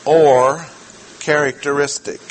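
A man preaching a Bible teaching sermon, speaking deliberately and emphatically, slowing down to stress key words and putting questions to his listeners. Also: on the high side, steady tone, low-quality recording. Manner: asks the audience questions.

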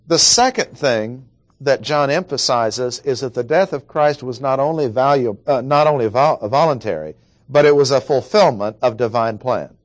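Man, preacher, expository sermon, emphatic, deliberate, repeats points, mid pitch, dry close sound. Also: dry recording.

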